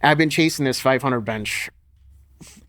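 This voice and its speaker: A man's voice: medium pitch, moderate pace, a bit bright, a little hiss or hum. A middle-aged man, a podcast guest, telling blunt, profane stories in casual conversation and laughing as he goes. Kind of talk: casual storytelling interview.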